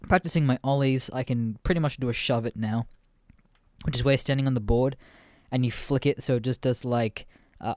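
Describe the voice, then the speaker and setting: A man's voice: mid-range voice, a little mellow, no room sound, clean studio sound. A sweary man in his twenties telling stories. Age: 20s. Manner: profane, laughs often, rambling with many fillers. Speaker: podcast host. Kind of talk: casual podcast storytelling.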